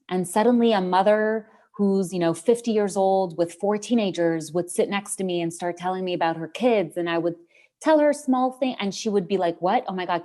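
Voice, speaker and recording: A woman's voice: mid-range voice, dark tone. A woman guest on an interview podcast, earnestly retelling a story about parenting with many restarts and fillers.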